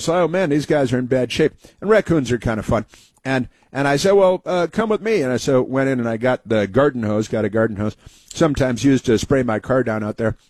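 A man's voice: mid-range voice, darkish tone, no room sound. A man hosting a casual talk show, rambling through anecdotes and mocking political commentary. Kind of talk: casual talk radio monologue.

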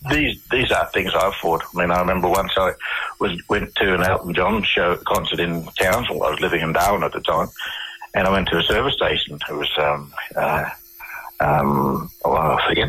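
Guest: Australian man, low and bright-edged, husky, rambling restarts. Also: normal speed, rough recording. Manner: rambling, repeats and restarts words. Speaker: interview guest. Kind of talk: conversational storytelling.

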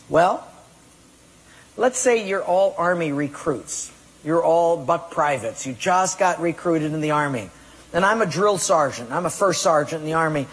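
A man's voice: a little high, normal speed, slightly rough. A man preaching a sermon to a congregation, emphatic and firing rhetorical questions at them. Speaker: pastor. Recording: long hall reverb.

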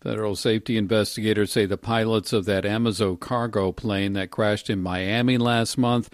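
A man reading a radio news bulletin as newscaster, in a measured, even delivery. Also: on the low side, no echo. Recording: dry studio.

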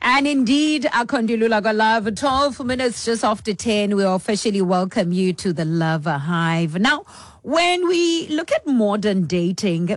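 A woman's voice: medium pitch, no echo. A woman hosting a radio talk show, speaking a friendly mix of English and Zulu into a studio mic. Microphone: studio mic with headphones.

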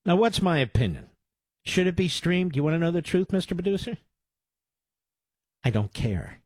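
A man's voice: sits high, animated, fairly quick, a little mellow, husky, dry recording. A man hosting talk radio, combative and sarcastic, cutting into clips with insults. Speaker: radio talk show host.

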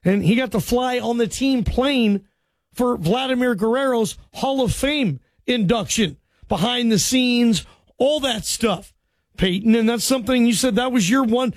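High-voiced, chatty sports radio host. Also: male voice, no echo. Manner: friendly, chatty, quick to thank callers. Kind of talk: radio call-in show hosting. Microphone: studio microphone.

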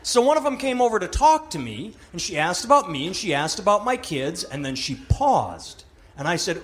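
A man performing a stand-up comedy set, mocking and animated, acting out the voices of other people. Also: high-pitched, normal speed, slightly rough.

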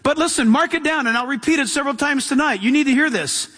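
Male preacher with a very high voice, emphatic sermon delivery and a long hall echo. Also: fast, bright, forceful tone. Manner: emphatic, with rhetorical questions and calls to the congregation.

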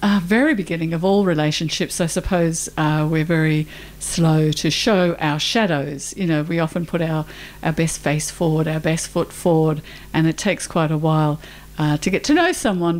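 Woman radio host, slightly low voice, relaxed unhurried studio chat. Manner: unhurried, many filler pauses. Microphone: studio microphone.

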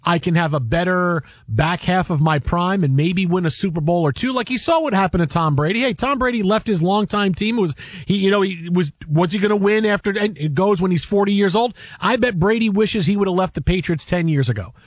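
Sports radio host, male, high voice, dry studio sound, rambling animated storyteller. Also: a little fast, no room sound. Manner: animated storytelling, many restarts and fillers. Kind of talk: casual sports talk.

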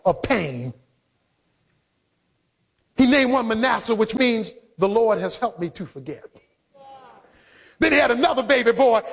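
A man preaching a sermon, emphatic and rising into shouts for emphasis. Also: very high voice. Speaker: pastor.

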